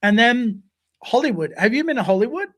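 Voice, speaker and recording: A man co-hosting a podcast, telling stories casually in an animated way, swearing freely and acting out voices. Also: extremely high pitch, fairly quick. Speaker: podcast co-host. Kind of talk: casual storytelling.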